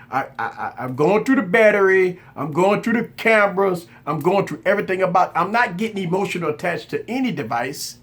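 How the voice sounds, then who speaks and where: A man's voice: high-pitched, a bit bright. A man hosting a tech channel, talking straight to his viewers in a casual live chat. He is candid and insistent, repeating himself to stress his point.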